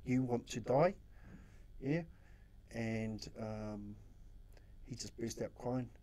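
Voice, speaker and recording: A man recounts stories from his social work in a casual interview. He has a warm, mellow voice at an ordinary pitch and acts out his own quotes, swearing freely. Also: takes it slowly. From New Zealand. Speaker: social worker guest.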